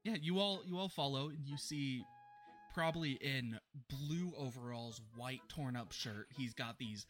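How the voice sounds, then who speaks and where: A man narrating as game master in a tabletop game, animated and laughing often. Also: mid-range voice, unhurried, soft background music.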